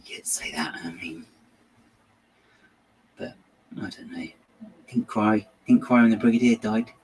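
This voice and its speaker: Guy rambling his opinions while building, kinda low voice, lots of ums, faint hum behind. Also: a little mellow, rough recording. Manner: rambling, hesitant, wry and opinionated. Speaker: host of a building channel. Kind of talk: casual chat while building.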